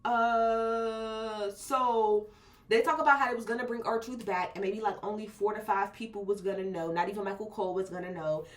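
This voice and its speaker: A woman's voice: medium pitch, fairly even intonation, moderate pace. A woman reviewing a wrestling show in a casual, blunt and profane video rant, full of slang.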